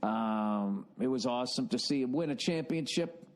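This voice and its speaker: A man's voice: medium pitch, normal speed, slight background noise. A man in his forties with an American accent, hosting a podcast with a rambling, profane comedic monologue. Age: 40s. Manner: profane, animated storytelling with frequent restarts. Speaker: podcast host.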